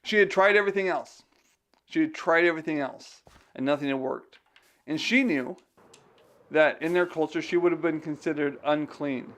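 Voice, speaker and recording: A game streamer who also works as a digital missionary chats casually to himself and his viewers while playing, slipping in thoughts on scripture. His voice is fairly high and a bit bright, at a moderate pace.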